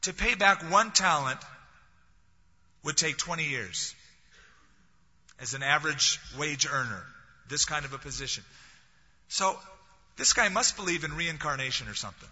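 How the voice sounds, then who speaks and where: Bright, husky-voiced preacher in a hall. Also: male voice, a little high, expressive, normal speed, long pauses. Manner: conversational, with wry humorous asides. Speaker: pastor. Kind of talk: sermon. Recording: reverberant hall, dull lo-fi sound.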